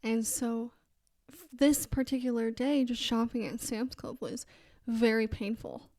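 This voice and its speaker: A woman's voice: on the high side, fairly even intonation, unhurried, a little mellow, dry recording. Chatty woman podcast host, dry close sound. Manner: chatty storytelling with quoted voices. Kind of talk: casual faith podcast monologue.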